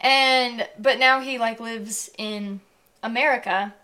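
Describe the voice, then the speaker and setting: A young woman co-hosting a podcast in casual chat, rambling with lots of fillers and animated outbursts. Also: on the high side, slow pace. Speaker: podcast co-host.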